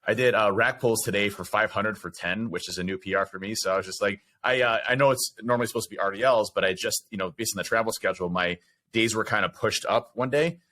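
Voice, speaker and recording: A man's voice: fairly low pitch, fast, sharp tone. A man co-hosting a casual podcast chat, talking in an upbeat, rambling way with many fillers. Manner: upbeat, rambling, lots of fillers like "you know" and "uh". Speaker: podcast co-host.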